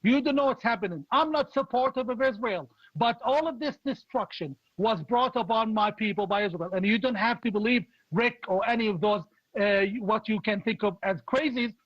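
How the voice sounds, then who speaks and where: A man with a strikingly high voice delivers forceful, indignant political commentary and hammers the same points again and again. The sound is dry and muffled, like a dull remote feed. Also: normal speed, hardly any pauses, no echo. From Palestinian, raised in Jordan. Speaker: political opposition leader.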